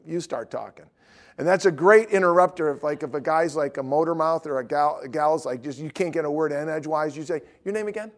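Middle-aged male evangelist, slightly high voice, tells animated stories from the pulpit. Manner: lively storytelling, acts out dialogue. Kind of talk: anecdotal preaching.

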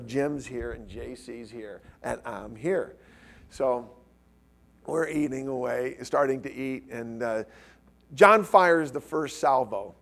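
A middle-aged man preaching to a live audience, telling a personal story and acting out the conversation with lively, quick quoted lines. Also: mid-range voice. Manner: animated, acts out quoted dialogue. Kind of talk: storytelling sermon.

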